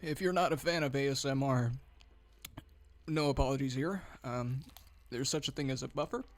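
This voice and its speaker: A young man who co-hosts a youth group talks casually during a hot wing challenge, eating very hot wings as he goes. His medium-pitched voice moves at a normal speed but sounds strained and a little breathless from the spicy food.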